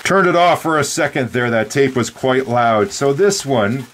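A man's voice: medium pitch, lively intonation, normal speed, background noise. A man from British Columbia, hosting a casual, rambling unboxing vlog in a playful, jokey way. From British Columbia, Canada. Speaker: fountain pen channel host.

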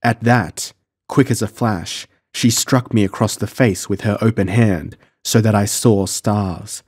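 A man narrating a pulp adventure audiobook in the first person, measured and dramatic. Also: lowish voice, steady tone, a little mellow, husky, dry recording, clean studio sound.

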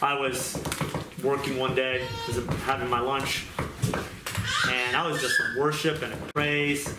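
A man's voice: medium pitch, level tone, unhurried. A man preaching a testimony sermon, telling his story earnestly and repeating his points for emphasis. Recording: echoey room with loud noise.

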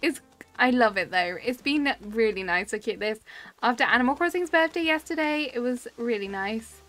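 A woman's voice: fairly high pitch, animated, normal speed, fairly bright tone. British woman, thirties, live-stream host; casual, giggly, reads chat aloud. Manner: chatty, laughs often, reads chat comments aloud.

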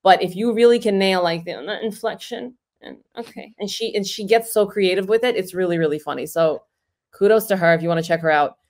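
A woman's voice: mid-range voice, quick pace, a little mellow. A woman comedian and impressionist chatting casually as a podcast guest, snarky and self-assured, with lots of "you know" fillers.

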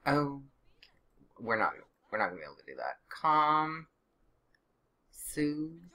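Young woman, gameplay commentary, very low pitch, bright tone, lively pitch, sarcastic and chatty. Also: slow. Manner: chatty, sarcastic, exasperated outbursts. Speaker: let's play gamer.

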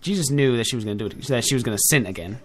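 Young man, casual DJ-style talk, rambling, keeps correcting himself, mid-pitched voice. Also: lively intonation, very fast. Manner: rambling, with frequent self-corrections and filler; chatty and direct with listeners. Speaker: online radio DJ and host. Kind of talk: casual off-the-cuff talk show. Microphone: headphones with a desk mic.

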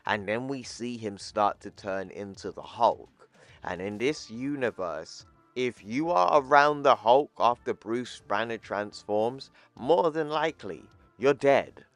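A man casually recapping a comic book, with excitable, profane commentary. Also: fairly low pitch, a little slow, dry recording.

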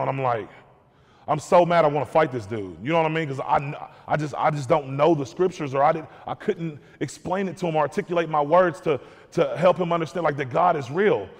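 A man with a fairly high voice speaks quickly as a guest speaker, giving a candid personal testimony to an audience. Earnest, he repeats words while searching for the right ones, and the recording carries long hall reverb.

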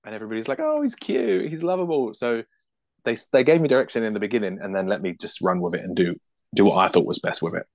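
Lively British man, lowish voice. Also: no room sound. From United Kingdom. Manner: animated, laughs often, quick restarts. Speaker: puppeteer guest. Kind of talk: casual interview chat.

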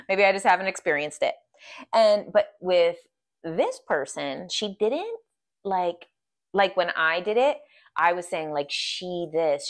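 A woman vlogger tells a story casually, rambling with lots of "like" fillers. Her voice sits a touch low for a woman. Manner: chatty, full of "like" fillers.

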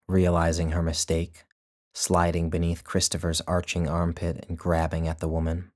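A man narrating his own short story in a measured, deliberate storytelling manner. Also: sits low, monotone. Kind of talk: scripted narration.

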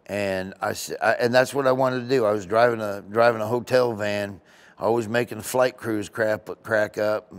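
Animated man telling rambling stories. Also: fairly low pitch. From United States. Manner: animated, rambling anecdotes with quick voice impressions. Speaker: comedian guest. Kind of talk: casual interview storytelling.

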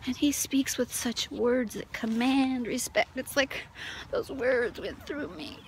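Woman telling her testimony real slow, laughs and whispers a lot, noisy background. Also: high voice. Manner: tearful, laughing, drops to whispers. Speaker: Christian testimony speaker. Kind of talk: emotional personal testimony.

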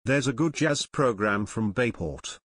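A man's voice: medium pitch, expressive, unhurried, a bit bright, no room sound, studio quality. A man voicing a joking, easygoing teenage boy who loves food.

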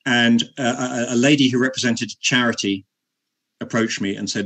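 In a medium-pitched voice, an interviewed actor recounts a self-deprecating anecdote. He speaks haltingly, repeating many words and laughing frequently.

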